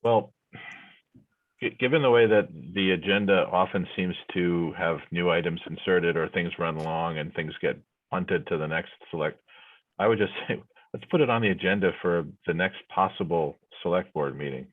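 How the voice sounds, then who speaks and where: A man with a very deep, husky voice talks in a meeting in a relaxed way, with dry jokes. His voice comes through a tinny, phone-like line. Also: normal speed. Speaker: committee member. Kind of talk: casual meeting discussion. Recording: tinny phone-like call audio.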